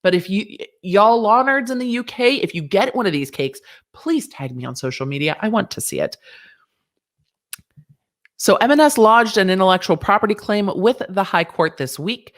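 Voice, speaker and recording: A woman's voice: medium pitch, animated, normal speed. A woman lawyer, giving sassy, playful reaction commentary on a news story, close to a desk mic. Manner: sassy, playful, chatty with asides.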